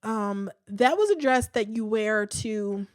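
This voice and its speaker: A woman's voice: medium pitch, expressive, slow pace, no echo, clean studio sound. A woman hosting a podcast, talking in a chatty, candid way with many fillers, sighs and restarts. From United States. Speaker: podcast host. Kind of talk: casual podcast commentary.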